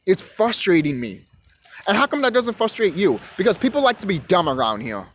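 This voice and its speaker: High-voiced young man ranting, profane. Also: very animated, a little fast, rough recording. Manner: rambling, profane, repeats words while ranting. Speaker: vlogger. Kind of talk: profane rant monologue.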